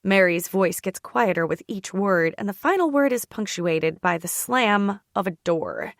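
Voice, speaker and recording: A woman narrating a first-person romance audiobook in an intimate, expressive way on a close studio mic. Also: mid-range voice, measured pace, gravelly, no room sound.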